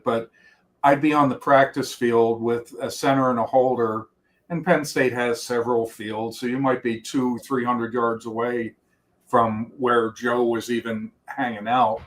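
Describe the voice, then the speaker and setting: A middle-aged man of ordinary, mid-range pitch telling long stories as an interview guest. He rambles, restarts sentences and jumps around between memories. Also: fairly even intonation, measured pace. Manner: rambling storyteller with many restarts and quoted voices. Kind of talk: reminiscing interview talk.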